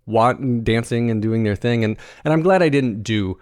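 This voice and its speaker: A man from the American South hosting a podcast, chatting casually in a jokey, animated way with frequent restarts. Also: medium pitch, moderate pace, no room sound, studio quality. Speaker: podcast host. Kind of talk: casual chat.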